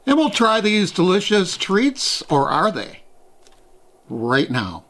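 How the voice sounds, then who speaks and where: A man's voice: high-pitched, wildly swooping pitch, takes it slowly, a bit bright. A man hosting a casual taste-test vlog, talking in a chatty, rambling way and poking fun at himself. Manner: chatty, rambling, self-deprecating. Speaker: host.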